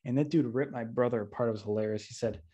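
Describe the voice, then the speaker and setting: A man's voice: mid-range voice, fast talker, warm tone, breathy edge, lo-fi sound. A man hosting a podcast, chatting casually and joking through the intro. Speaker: podcast host.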